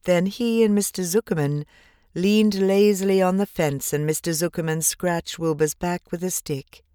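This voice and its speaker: A woman narrating a children's storybook in a measured, gentle, expressive way. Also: lowish voice, clean tone, dry recording, studio quality. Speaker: audiobook narrator.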